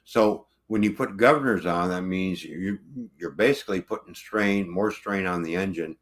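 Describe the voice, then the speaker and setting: A man's voice: low voice, moderate pace. A truck driver ranting angrily about his truck, swearing constantly in casual livestream talk.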